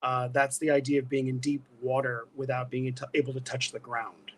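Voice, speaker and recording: A man's voice: medium pitch, flat delivery, a little fast, a little hiss or hum. A man talking as a guest on a casual podcast, telling stories in an emphatic, self-mocking way.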